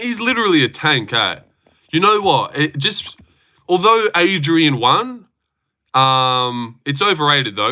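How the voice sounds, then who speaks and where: Excitable Australian young man streaming. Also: medium pitch. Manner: loose, excitable, swearing banter. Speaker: livestream host. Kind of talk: casual livestream chat reading comments.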